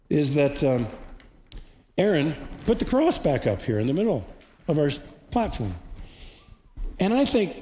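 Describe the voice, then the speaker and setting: A man giving a sermon as pastor, earnest, with slow emphatic repetitions. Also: mid-range voice, dark tone. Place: church hall. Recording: distant reverberant hall recording with faint noise.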